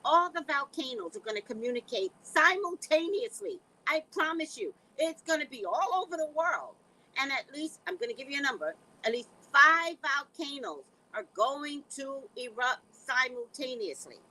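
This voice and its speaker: A middle-aged woman with a New York accent, hosting a casual talk show with animated, comic storytelling. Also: high voice, moderate pace, low-quality recording. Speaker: show host.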